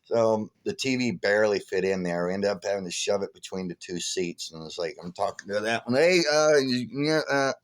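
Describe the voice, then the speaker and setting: A man's voice: low voice, brisk, hardly any pauses. A tired man vlogging, telling a rambling, chuckling story full of fillers. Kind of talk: casual storytelling.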